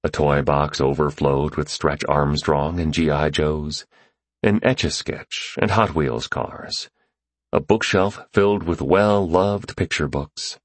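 A man reading a novel aloud as narrator, in measured, even storytelling. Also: a bass voice, no echo. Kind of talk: scripted audiobook narration.

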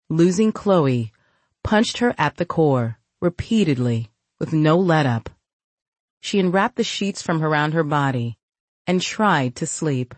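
Low-voiced woman narrating an audiobook. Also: no room sound. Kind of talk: scripted narration.

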